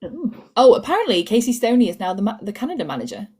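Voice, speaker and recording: A woman's voice: on the high side, very animated, fast talker, a little mellow, husky. A British woman co-hosting a casual women's football podcast, playful and reading out listener comments. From Britain. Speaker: podcast co-host.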